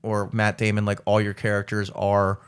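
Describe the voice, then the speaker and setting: A man's voice: lowish voice, completely flat delivery, normal speed, clear, resonant tone. A young adult man co-hosting a podcast, telling a rambling travel story in casual chat, swearing freely and laughing often. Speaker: podcast co-host.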